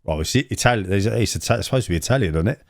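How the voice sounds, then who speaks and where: Male podcast co-host, low voice, dry close mic, stumbling rambling delivery. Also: expressive, very fast, gravelly, no echo. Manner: rambling, many restarts and stumbles. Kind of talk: casual chat. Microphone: own mic, remote.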